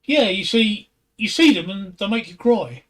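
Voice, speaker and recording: Joke dad, matter-of-fact and high-voiced, read by a man. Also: animated, moderate pace. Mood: deadpan. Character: middle-aged father explaining to his son.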